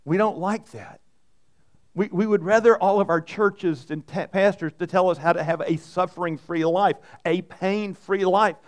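Male preacher, higher-pitched voice, earnest, stumbles and restarts. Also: moderate pace. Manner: repeats words and restarts often, earnest. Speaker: pastor. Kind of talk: sermon.

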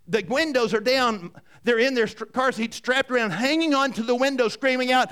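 High-voiced older male pastor preaching. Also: fast talker, a bit bright, smooth. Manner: conversational preaching with frequent restarts. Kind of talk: sermon.

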